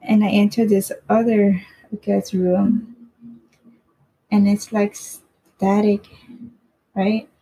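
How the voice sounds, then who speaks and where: A woman's voice: mid-range voice, little pitch movement, takes it slowly, long pauses, warm tone, slightly rough, poor audio. A woman casually telling a personal story in a rambling way, swearing freely and often asking "right?".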